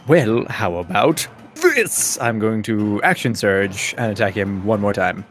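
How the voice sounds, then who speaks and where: A man's voice: fairly low pitch, sing-song, measured pace, a bit bright, soft background music. An Australian man playing a tabletop game, talking casually and upbeat at the table. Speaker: player.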